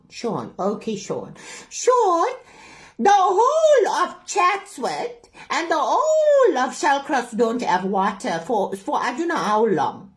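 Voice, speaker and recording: A woman's voice: sits high, exaggerated voice. A woman playing a dramatic middle-aged auntie with a Durban South African accent, phoning in a complaint with theatrical, indignant wailing. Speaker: comedy caller character. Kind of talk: comedy phone call sketch.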